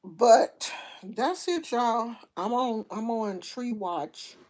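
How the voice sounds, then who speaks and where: Slow-talking chatty woman livestreaming. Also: on the high side, expressive, darkish tone. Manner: chatty, storytelling, talks to viewers directly; loose slangy speech with many restarts. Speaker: livestream host. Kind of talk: casual livestream chat.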